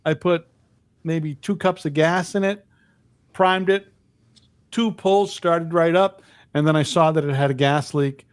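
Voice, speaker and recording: Middle-aged male podcast co-host, rambling profane storyteller, slightly high pitch. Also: fairly even intonation, measured pace, long pauses, smooth, no echo. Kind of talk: casual chat.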